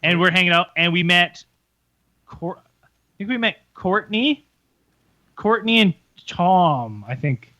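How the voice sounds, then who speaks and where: A man's voice: sits high, slow pace, long pauses, no room sound. A man co-hosting a podcast, telling a story casually, swearing freely and acting out what people said. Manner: swearing, animated retelling with acted quotes. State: hungover. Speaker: podcast co-host. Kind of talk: casual storytelling among friends.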